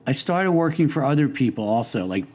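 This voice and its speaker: A man's voice: fairly high pitch, sing-song, a little fast, darkish tone. Older man telling rambling stories. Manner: rambling, self-interrupting, amused. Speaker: interview guest. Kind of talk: casual storytelling interview.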